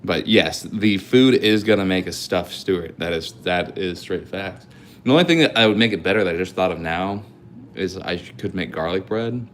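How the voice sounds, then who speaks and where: A young man hosting a live stream, chatting casually and rambling as he thinks out loud and answers chat. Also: sits low, moderate pace, slight background noise. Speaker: live-stream host painting cards.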